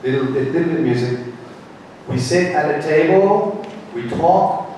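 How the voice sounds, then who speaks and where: Male English teacher from England, slow and simple, repeats himself for learners; far-off mic, long room reverb. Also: a little high, expressive, darkish tone, slight background noise. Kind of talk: classroom lecture.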